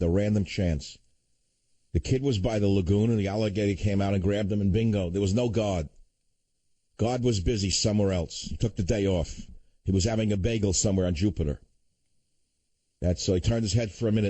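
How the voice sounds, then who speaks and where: A man's voice: low voice, dark tone, breathy edge, no room sound. An older man hosting a talk radio show, ranting with sarcastic indignation and then turning somber. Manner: indignant, sarcastic, swings between outrage and somber. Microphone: studio microphone.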